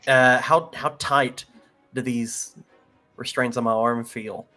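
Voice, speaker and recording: A man at a tabletop game talks through his choices in a hesitant, casual way. His voice sits at an average pitch, with faint music in the background. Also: fairly even intonation, slow, bright, forceful tone. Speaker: player. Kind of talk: casual tabletop role-play.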